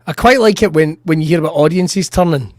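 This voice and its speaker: Comic host, higher-pitched, animated sweary raconteur, dry booth sound. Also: male voice, brisk, no echo. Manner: animated, swearing, laughs through his stories. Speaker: comedian podcast host. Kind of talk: casual storytelling chat.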